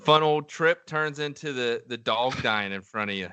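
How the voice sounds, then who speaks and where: A man's voice: mid-range voice, moderate pace, sharp tone, clean tone, no room sound, lo-fi sound. A man co-hosting a casual podcast, reacting to stories in a laid-back way with profane teasing. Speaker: podcast co-host. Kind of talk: casual chat.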